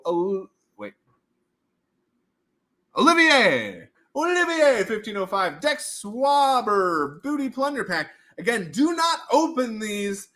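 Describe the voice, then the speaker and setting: A man hosts a casual livestream from home, goofy and animated and forever slipping into silly voices. His voice sits fairly high for a man. It swoops wildly up and down from line to line. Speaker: livestream host running giveaways.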